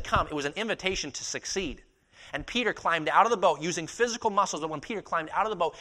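A man in his twenties preaching a sermon, moving from quiet reflection to loud, impassioned passages and acting out biblical dialogue in his own voice. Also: a little high. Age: 20s.

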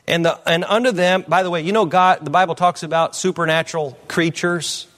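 A man preaching a sermon as pastor, reading scripture aloud and commenting with frequent fillers, swinging from low asides to loud declarations. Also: steady tone, brisk.

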